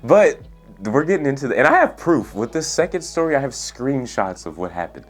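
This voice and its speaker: A young man in his twenties telling a story in a casual, laid-back way, using lots of slang and filler words, with a soft, soothing voice. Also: medium pitch, sing-song, a little fast, faint music behind. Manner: laid-back, profane slang, says "bro" and "like" a lot. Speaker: storytelling vlogger. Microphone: USB studio microphone.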